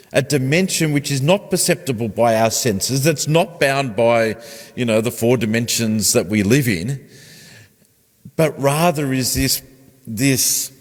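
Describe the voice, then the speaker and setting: A man, a pastor preaching a conversational sermon and putting questions to his congregation. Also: medium pitch. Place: church. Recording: long church reverb.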